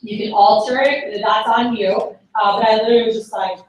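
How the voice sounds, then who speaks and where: A woman's voice: on the high side, fairly even intonation, brisk. A woman giving a chatty sales-training talk at a conference, full of "like" and "you know". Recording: very echoey, far from the mic, faint room noise.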